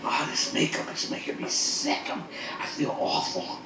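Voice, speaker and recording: A man's voice: moderate pace, roomy sound, distant mic, noisy background, lightly acted. An actor playing a crude, scheming older man in a sitcom, talking in a blunt, rambling way. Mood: grumbling. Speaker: sitcom character. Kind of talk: sitcom acting.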